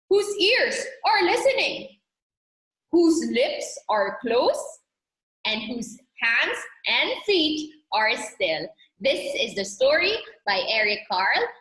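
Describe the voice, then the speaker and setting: A woman teacher, reading a storybook aloud to young children in an animated, playful, coaxing way over a video call. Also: high-pitched. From Philippines. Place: home room, online class. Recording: roomy video call audio.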